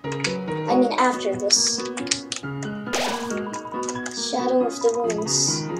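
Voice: medium pitch, steady tone, slow pace. A young player giving chatty let's play commentary, apologetic and swearing often. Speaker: gameplay commentator. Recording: roomy echo with game music.

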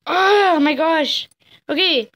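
High-voiced flustered young woman gamer. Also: takes it slowly, fairly bright tone. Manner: flustered, stammering, exclaims often. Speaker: gamer playing a story game. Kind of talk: casual let's-play reactions.

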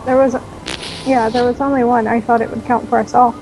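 A soft-spoken, shy woman chatting quietly with friends during an online game. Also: a little high, level tone, brisk, over music, low-quality recording. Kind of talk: casual gaming chat.

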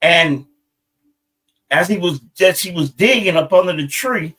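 A man preaching a sermon, telling a family story with halting, repeated words and voicing the people in it. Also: lively intonation, a bit bright, low-quality recording. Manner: halting, repeats words, rises into higher pitch for quoted voices.

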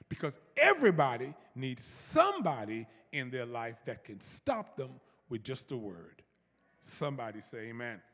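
Gravelly high-voiced man preaching in a hall. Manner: animated preaching, repeats words, leads congregation call-and-response. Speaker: pastor. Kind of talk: sermon. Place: large church.

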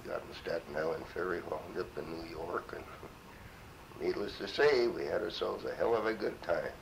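A man's voice: deep voice, normal speed, vocal fry, background noise. A man in his seventies from Minnesota, a war veteran telling his story in an oral history interview, salty and full of cursing. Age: 70s. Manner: salty, profane, animated storyteller.

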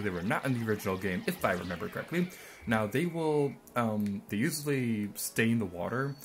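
A man's voice: lowish voice, slight background noise. A young man giving rambling, mildly sarcastic let's-play commentary, full of ums and asides. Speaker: gameplay commentator.

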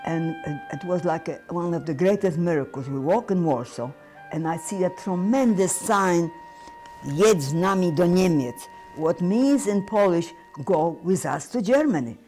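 A man's voice: sits high, lively intonation, a little mellow, faint music behind. An older man giving personal testimony as a Holocaust survivor, stumbling and repeating words. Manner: halting, repeats himself, stumbles.

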